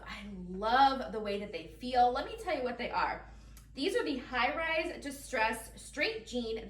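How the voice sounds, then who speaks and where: A woman's voice: high-pitched, distant mic. Chatty giggly woman in an echoey room. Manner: chatty, giggly, talks straight to viewers. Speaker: fashion vlogger. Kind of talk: casual try-on haul chat.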